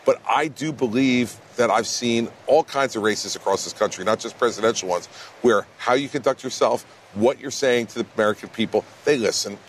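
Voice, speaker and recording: A man's voice: medium pitch, fairly quick. A man, a presidential candidate answering questions in a blunt, emphatic way in a TV news interview. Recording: faint background noise.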